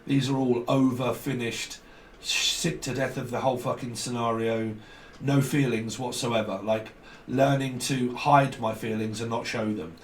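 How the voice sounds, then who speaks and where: A man's voice: mid-range voice, steady tone, unhurried, recorded from a distance. A man giving a casual tarot reading to camera. He talks bluntly, swears freely and repeats his phrases. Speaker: tarot reader. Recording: roomy, off-mic, faint background noise.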